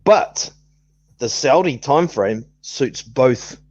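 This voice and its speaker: A man's voice: mid-range voice, animated, takes it slowly, a little mellow, no room sound, dull audio. A man chatting casually about boxing as a co-host, easygoing and given to chuckling.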